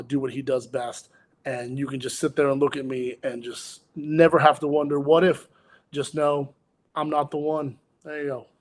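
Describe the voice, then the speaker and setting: A man, a pro wrestler guest, chatting in a casual podcast interview with brash, boastful trash talk and amused storytelling. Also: mid-range voice.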